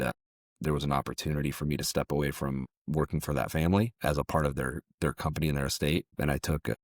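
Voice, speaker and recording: Super low-voiced guy on a podcast, kinda halting, repeats himself, dry close mic. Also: vocal fry, no echo. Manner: halting, repeats words while recounting. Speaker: podcast guest, jiu-jitsu gym owner. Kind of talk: personal storytelling in an interview.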